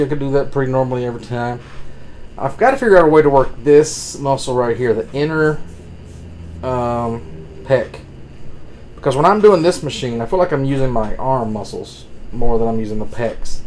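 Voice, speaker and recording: A man's voice: a little high, darkish tone, slight background noise, low-quality recording. A man casually rambling through a fitness update, full of fillers and chuckling at his own jokes. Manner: meandering, filler-heavy, self-amused laughing. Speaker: vlogger.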